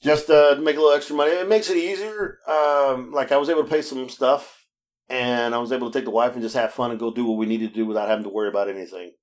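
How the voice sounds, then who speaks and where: This podcast co-host talks fast in a mid-range voice, telling stories during casual chat. Laughter comes often, the swearing is unfiltered, and he keeps restarting lines while acting out quoted voices with plenty of energy.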